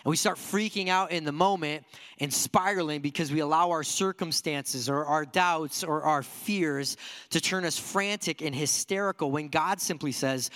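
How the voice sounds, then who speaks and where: A man's voice: a little high, normal speed, a bit bright, in a large hall. A man preaching a sermon to a church congregation in an earnest, conversational way, asking his listeners many rhetorical questions. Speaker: pastor.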